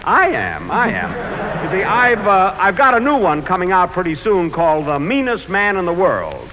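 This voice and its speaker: A man hosting a 1940s radio comedy show, vain and deadpan, often stammering when flustered. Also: high voice, moderate pace. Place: live broadcast before an audience. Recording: noisy 1940s radio broadcast.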